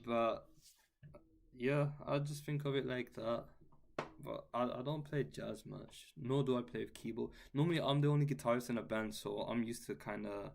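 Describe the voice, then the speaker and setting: A man's voice: mid-range voice, moderate pace, gravelly, darkish tone. A man, a guitar teacher, answering chat questions in a casual livestream, laid-back and saying "bro" and "man" a lot.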